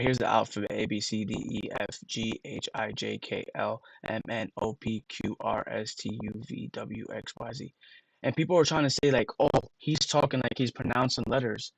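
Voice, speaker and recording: A man's voice: lowish voice, fairly even intonation, normal speed, gravelly, husky, low-quality recording. A man on a casual livestream, rambling to his chat and sounding out words letter by letter with emphatic disbelief.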